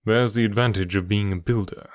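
A man voicing a composed, clever Victorian detective with a measured, dryly amused delivery in an audiobook. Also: fairly low pitch, steady tone, no room sound, clean studio sound, lightly acted.

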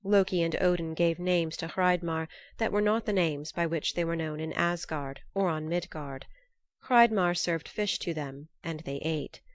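A woman narrating a storybook in a steady, measured reading. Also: fairly low pitch, dry recording, clean studio sound.

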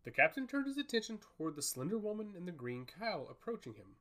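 A man narrating a fantasy story in a storybook style, with an expressive, rising and falling delivery. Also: on the high side, fairly quick, few pauses.

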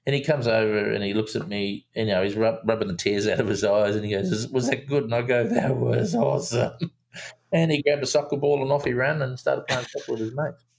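Gravelly man, a director guest, rambling animated anecdotes. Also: medium pitch, a little fast. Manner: animated storyteller, acts out quotes in a raised voice, many fillers and restarts. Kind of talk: casual storytelling interview.

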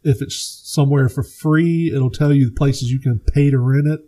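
Animated man telling stories on a podcast. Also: mid-range voice, moderate pace. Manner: animated storyteller, swears freely, acts out movie quotes. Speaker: podcast co-host. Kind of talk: casual chat.

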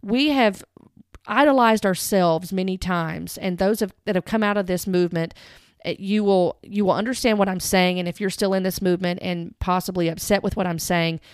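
Earnest woman with a smooth, clear voice. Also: on the low side, moderate pace, no echo, studio quality. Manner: earnest, direct, stressing words. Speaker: Christian commentator. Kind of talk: earnest commentary with read-aloud quotes.

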